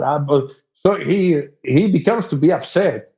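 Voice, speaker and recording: A man from Spain with a Spanish accent, a guest musician telling an animated story in casual chat, jumping into a much higher voice to play the other people and laughing often. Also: a little slow, muffled recording.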